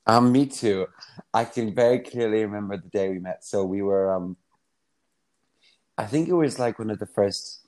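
A man's voice: lowish voice, moderate pace, long pauses. A young man, a guest, telling stories casually with frequent laughter. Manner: relaxed, giggly storytelling. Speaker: podcast guest, actor and writer. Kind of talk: casual chat between friends. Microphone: remote call app.

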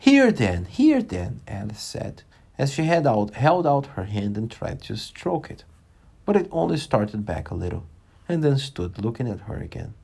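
A man's voice: mid-range voice, animated, normal speed, gravelly, dark tone, slightly rough. A man reading a children's book aloud to young listeners, stopping patiently to explain words and scenes.

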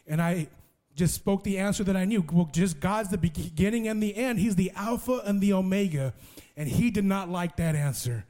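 A man preaching, telling his testimony as a lively story and restarting with repeated words. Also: high-pitched, moderate pace. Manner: lively storyteller who acts out other people's voices.

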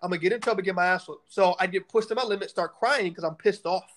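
Fast-talking high-voiced young man. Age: 20s. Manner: blunt, profane, animated storytelling. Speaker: podcast co-host. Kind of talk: casual chat.

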